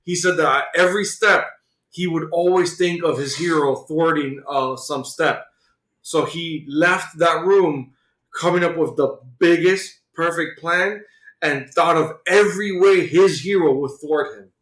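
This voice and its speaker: A man's voice: fairly high pitch, a little slow, fairly bright tone, reverberant, low-quality recording. A man co-hosting a podcast, retelling a comic book story in casual chat full of "like" and "uh". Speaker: podcast co-host.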